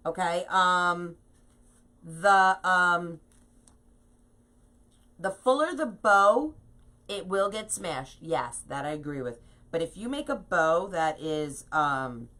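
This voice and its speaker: A woman's voice: fairly low pitch, a bit bright. A woman hosting a live craft tutorial, chatting and laughing at herself as she reads viewer comments at her home craft table. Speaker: craft host teaching wreath making.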